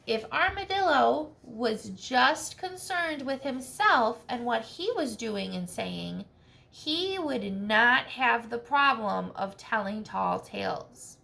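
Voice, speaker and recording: A woman teacher reading a storybook aloud to children, expressive and checking in with questions. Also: a little high, takes it slowly, creaky.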